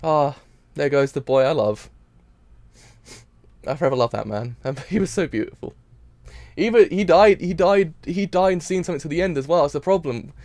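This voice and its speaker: A man's voice: on the high side, expressive, moderate pace, long pauses, darkish tone, no room sound. Tearful man rambling in a dry booth. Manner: tearful, rambling, repeats himself. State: crying. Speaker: anime reaction streamer. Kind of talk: emotional casual reaction talk.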